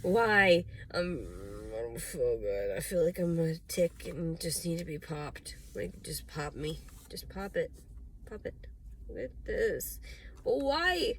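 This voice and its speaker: A woman's voice: deep voice, animated, slow, a little hiss or hum. A woman talking straight to camera in a confessional vlog, rambling and agitated, swearing often. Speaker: vlogger.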